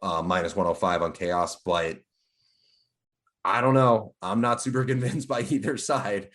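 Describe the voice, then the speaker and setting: A man's voice: lowish voice, unhurried, a bit bright. A man co-hosting a sports betting podcast, chatting loosely with lots of "like" and "you know". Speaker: podcast co-host. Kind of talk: casual sports betting chat.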